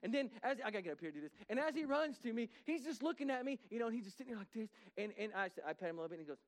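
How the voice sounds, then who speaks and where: Male pastor with a high voice, folksy storytelling sermon, acts out the characters in his stories. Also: very animated, rapid-fire. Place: church sanctuary.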